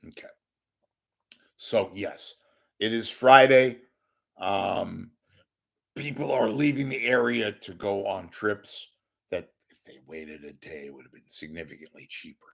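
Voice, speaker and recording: Gravelly, hoarse man rambling. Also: lowish voice, lively intonation, measured pace, pauses often. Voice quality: gravelly, crackling. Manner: wisecracking, self-deprecating, swings from loud to hushed. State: hoarse, congested voice. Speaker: podcast host asking for donations. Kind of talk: rambling comic monologue.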